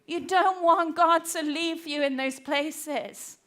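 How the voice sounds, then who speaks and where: A woman preaching a church sermon, conversational and earnest, often acting out quoted voices and sometimes dropping to a hushed tone. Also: extremely high pitch, takes it slowly.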